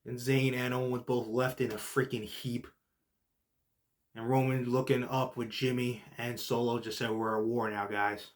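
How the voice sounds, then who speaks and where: A young man hosting a casual podcast recap, excitable and full of "like" and "literally", swinging from low muttering to shouting. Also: normal speed. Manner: heavy use of filler like "like" and "literally". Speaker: podcast host.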